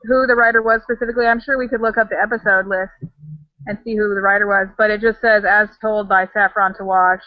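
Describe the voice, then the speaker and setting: A woman's voice: medium pitch, fairly even intonation, quick pace, no room sound, dull audio. A woman co-hosting a casual video-call chat at home, rambling with fillers. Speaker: livecast co-host. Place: home with dogs barking. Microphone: webcam video call.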